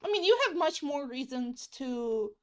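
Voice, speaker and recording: A young woman streams while she draws, rambling casually, repeating herself, and swearing offhandedly; English isn't her first language. Her high-pitched voice is expressive, with a measured pace and a somewhat dark tone.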